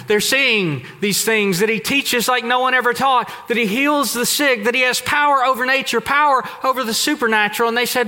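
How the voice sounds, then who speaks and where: A man from Texas preaching a sermon to a congregation, telling a story with emphatic turns and sudden soft drops. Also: very high-pitched, normal speed. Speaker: pastor. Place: large church hall. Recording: echoey hall.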